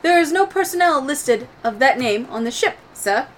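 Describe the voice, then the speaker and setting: A woman's voice: high-pitched, animated, normal speed, slight background noise, pitched above the performer's own voice. A woman voicing a formal robot ship's pilot who politely calls people sir.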